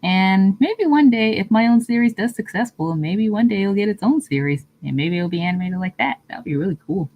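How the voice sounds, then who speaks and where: A woman's voice: mid-range voice, lively intonation, fairly quick, few pauses, dull audio. A woman streamer chatting casually with her viewers, answering comments and laughing often. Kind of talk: casual live-stream chat.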